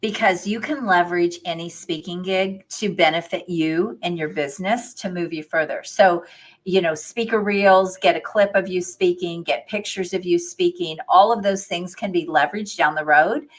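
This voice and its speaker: A woman's voice: lowish voice, steady tone, moderate pace. A woman hosting as a business coach, giving enthusiastic, encouraging advice in casual chat.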